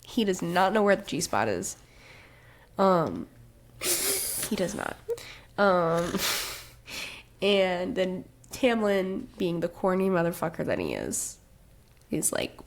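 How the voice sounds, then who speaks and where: Woman co-host, unhurried delivery, sarcastic and swearing, laughs a lot, casual book chat. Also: lowish voice, animated, slight background noise. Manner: sarcastic, profane, laughing often. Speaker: podcast co-host.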